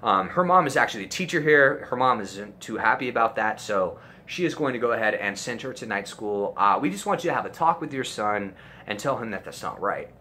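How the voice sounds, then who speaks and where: A man's voice: fairly low pitch, lively intonation, fairly quick, pushed and bright, a little hiss or hum. A man doing a smug, officious school principal.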